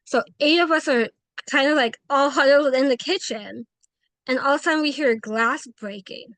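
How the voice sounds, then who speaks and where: Lively woman telling a ghost story. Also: high-pitched, moderate pace, no room sound. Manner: animated, acts out quoted dialogue, frequent "like". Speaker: paranormal investigator, guest. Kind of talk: casual interview storytelling.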